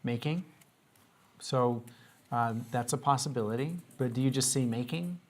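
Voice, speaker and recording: A man's voice: mid-range voice, moderate pace, darkish tone. A man teaching a grammar lesson to young students, patiently asking questions and coaxing answers.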